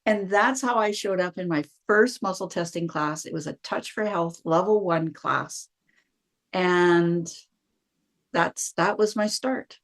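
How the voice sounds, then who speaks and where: A middle-aged woman, a guest telling her own story in a lively conversational way and acting out what she thought at the time. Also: lowish voice, slow. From Canada. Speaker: guest, wellness practitioner.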